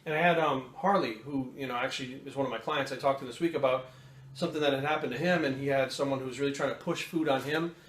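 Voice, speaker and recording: A man hosting a fitness channel, chatting casually to camera at home in a fast, profane, animated rant. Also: medium pitch. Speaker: fitness coach and channel host. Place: home kitchen. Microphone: camera mic. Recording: roomy echo, faint room noise.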